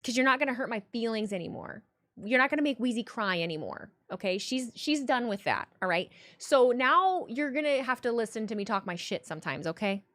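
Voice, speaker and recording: A young adult woman streaming live, reading chat and talking in a blunt, profane, animated way. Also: fairly high pitch, a little fast.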